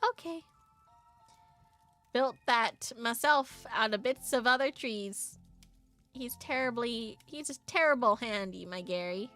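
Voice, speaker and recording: A fretful ghost mother with quaint, folksy turns of phrase, voiced by a woman. Her tone is bright and keen, with gentle music behind. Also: a little high, slow, long pauses. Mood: matter-of-fact. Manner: old-fashioned folksy dialect.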